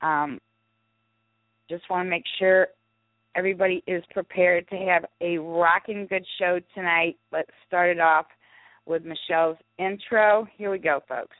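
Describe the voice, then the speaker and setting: A woman co-hosting an internet radio talk show, from the St. Louis area, reading announcements briskly and chatting casually. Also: on the low side, fairly even intonation, no echo. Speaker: show co-host. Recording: tinny phone-line audio.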